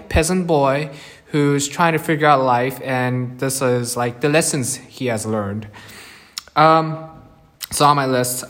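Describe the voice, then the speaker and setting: A man's voice: mid-range voice, fairly bright tone. A man hosting a casual solo podcast from a bigger indoor room, rambling and self-deprecating, often chuckling as he talks. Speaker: podcast host.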